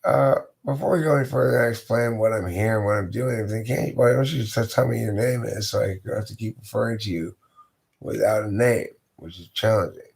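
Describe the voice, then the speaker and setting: A man's voice: on the low side, fast talker, creaky, a little mellow, pitched above the performer's own voice. A man voicing a nervous, bumbling young inspector who stammers and gets flustered.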